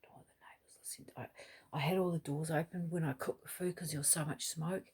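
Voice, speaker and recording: A middle-aged woman rambles through a casual home vlog, drifting from topic to topic. Her voice sits slightly low with a husky, breathy edge. She talks loosely and swears casually, as if to herself. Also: fairly even intonation, a little fast, a little mellow. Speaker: vlogger. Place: small home unit, kitchen.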